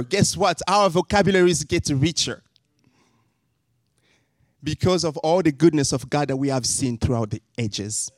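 A man's voice: high voice, no room sound. A man preaching a sermon, asking his listeners rhetorical questions.

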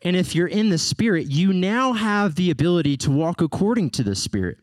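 A male pastor preaching a sermon in an animated way, with playful slang asides and emphatic peaks. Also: high voice, brisk, no echo.

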